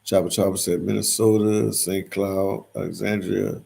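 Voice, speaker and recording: Gravelly deep-voiced man reading live chat. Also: level tone, moderate pace, warm tone. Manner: reads chat comments aloud and replies, repeats phrases. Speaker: livestream host reading viewer comments. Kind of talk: casual livestream chat.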